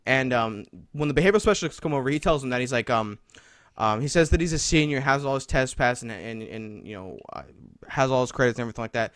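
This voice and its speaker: A young man hosts a podcast, spinning a long, rambling, profane story packed with fillers and growing more heated as it goes. His mid-range voice is animated and fast, with clean studio sound and no room tone.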